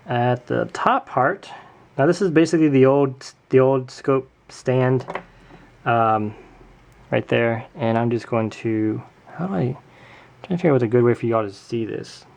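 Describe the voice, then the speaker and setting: A chatty man walks through a craft build in a casual tutorial, full of little asides and self-corrections. His voice has a gravelly, fry-edged texture at a mid pitch. He sounds like he's talking into a camera mic at a home work table. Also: a little mellow. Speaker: tutorial host.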